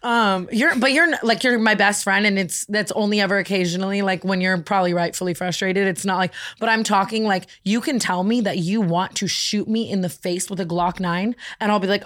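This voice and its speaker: A young woman co-hosts a podcast in a casual chat, telling a story with lots of energy. Her voice sits in the middle of the range and swings between flat retelling and squeaky imitations. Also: a little fast, few pauses. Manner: animated storytelling, mimics a whiny high voice. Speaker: podcast co-host.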